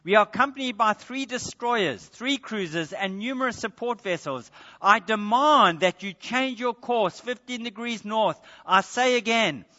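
A pompous, commanding male navy captain barking orders over the radio, as a preacher acts him out. The voice is bright and forceful, pushed higher and louder than usual. It rings through a long, reverberant hall on a dull, muffled recording. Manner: demanding, blustering, louder and higher.

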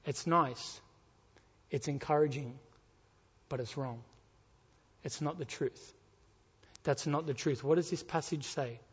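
A man delivers a sermon in a fairly high voice, emphatic and fond of repeating his key phrases and asking the congregation questions. The sound is a little dull and muffled, and a long reverb trails from the church hall around him. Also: slow pace, long pauses, breathy edge. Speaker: preacher.

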